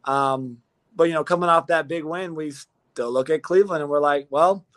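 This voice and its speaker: A young football player in his twenties answers casual interview questions in a measured, modest way, frequently restarting his phrases. His voice is fairly high and a bit bright.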